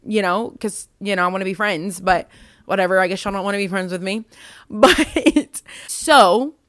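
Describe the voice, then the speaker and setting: A woman's voice: mid-range voice, moderate pace, a bit bright, no echo, clean studio sound. A young woman hosting a casual faith podcast, rambling and self-mocking as she chats with listeners. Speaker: podcast host.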